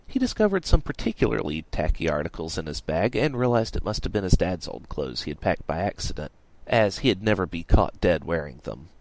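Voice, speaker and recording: A man reading an audiobook aloud in a playful, expressive way. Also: deep voice, a little fast. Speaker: audiobook reader. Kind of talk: audiobook narration.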